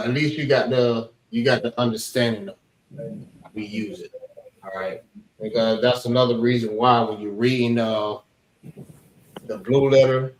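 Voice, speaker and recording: A man leads an informal lesson at an unhurried pace, often repeating himself and checking in with the class. The room is reverberant, with a faint hum of ambience behind him. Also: mid-range voice. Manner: relaxed, repeats phrases, checks understanding. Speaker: class teacher.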